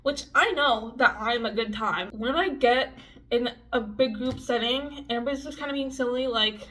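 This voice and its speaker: A young woman telling a story in a casual vlog, talking fast and loose with lots of swearing and filler words. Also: on the high side, a bit bright. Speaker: vlogger. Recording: dull lo-fi audio with faint music.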